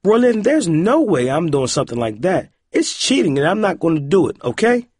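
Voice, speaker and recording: A man's voice: fairly high pitch, wildly swooping pitch, measured pace, a little mellow, husky, no echo, studio quality, pitched above the performer's own voice, heavily acted. A man voicing a sensible teenage girl who firmly refuses to cheat, in an audiobook. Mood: exasperated. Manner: firm, exasperated.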